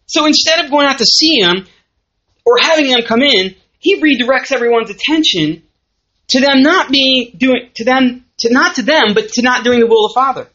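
A woman with a Southern US accent teaches a church lesson in a conversational way, checking in with her listeners as she goes. Her voice is bright and rises and falls a lot. The recording sounds dull and muffled. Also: on the high side, fairly quick. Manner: lively, conversational, asks the audience questions. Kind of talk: sermon.

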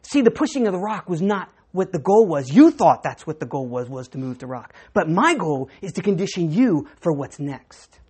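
A woman preacher giving a sermon, telling a story with animated, dramatic swings. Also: on the low side, normal speed, few pauses, slightly rough.

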